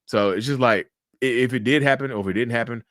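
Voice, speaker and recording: A man's voice: fast talker, no echo. A man hosting a casual interview, talking loosely with swearing and acting out his reactions in big jumps of voice. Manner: animated, acts out reactions with big pitch jumps and laughs. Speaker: interview host.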